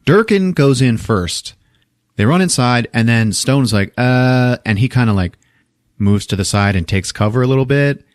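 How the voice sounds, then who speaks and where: A man's voice: medium pitch, normal speed, no echo, studio quality. A man co-hosting a podcast, retelling a film scene by scene in casual, profane talk and acting out the characters' lines. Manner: profane, animated storytelling, jumps into character voices. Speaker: podcast co-host recapping a film. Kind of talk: casual movie recap with acted-out lines.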